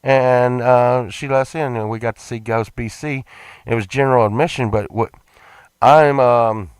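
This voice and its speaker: A man's voice: medium pitch, steady tone, normal speed, clean tone, no room sound. A man talking in a casual, rambling vlog, stumbling over his words and repeating himself. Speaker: vlogger.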